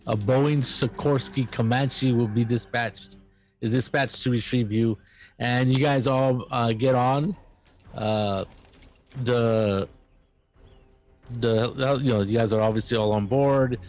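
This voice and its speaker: A man narrating a tabletop game as game master, pausing often with fillers and restarts. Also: medium pitch, fairly even intonation, darkish tone, faint music behind. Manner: halting, many fillers and restarts.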